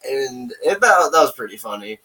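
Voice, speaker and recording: A man's voice: mid-range voice, big pitch swings, pushed and bright, distant mic, slight background noise, rough recording. A man hosting a podcast who casually reviews a movie, rambling through scenes with filler and restarts. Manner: rambling, retells scenes with quick put-on voices. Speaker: podcast host.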